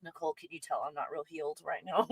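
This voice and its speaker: A woman's voice: deep voice, slightly rough, poor audio. A woman hosting a casual livestream, reading viewer comments and ranting with lots of swearing and laughter. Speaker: livestream host.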